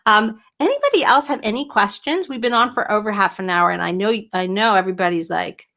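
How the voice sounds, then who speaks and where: Brisk and chatty, a middle-aged writing coach answers her viewers' questions during an informal livestream at home. Her medium-pitched voice carries some vocal fry, and the audio comes from a webcam or computer mic.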